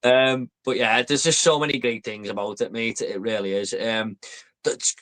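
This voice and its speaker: A man's voice: mid-range voice, steady tone, moderate pace, fairly bright tone. Male host, eager, rambling, conversational podcast delivery. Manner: enthusiastic, rambling with fillers. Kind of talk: casual chat.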